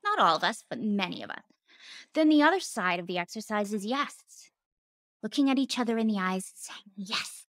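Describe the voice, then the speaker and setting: A woman's voice: medium pitch, lively intonation, brisk, a bit bright, dry recording. Earnest woman podcast host, dry sound. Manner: earnest and emphatic, repeats words for stress; candid, with light laughter and casual swearing. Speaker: podcast host and former therapist. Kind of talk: reflective teaching monologue.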